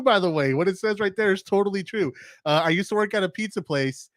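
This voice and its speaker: A man hosting a relaxed livestream, rambling through thoughts with plenty of fillers and restarts. He stops now and then to answer his chat. His voice sits slightly high and sounds dry and close to the mic. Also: quick pace, no echo. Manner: reads and answers live chat. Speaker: stream host.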